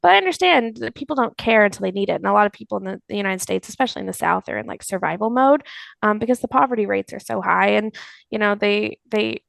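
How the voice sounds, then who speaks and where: A young woman from Florida, a podcast guest in casual political chat, animated, swearing freely and laughing often. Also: medium pitch, fast, vocal fry, no echo.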